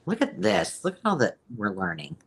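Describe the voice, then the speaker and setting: A woman's voice: low-pitched, wildly swooping pitch, moderate pace, gravelly. A middle-aged woman hosting a live sale, talking in a rambling, chatty way with frequent ums. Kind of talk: casual live-stream selling chat.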